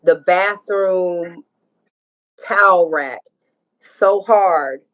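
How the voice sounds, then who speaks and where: A woman's voice: lowish voice, drawn-out words, highs cut off. A woman telling her story as a guest in an online interview, blunt and profane, speaking straight to the viewers as y'all. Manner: blunt, profane, emphatic, talks to listeners as y'all.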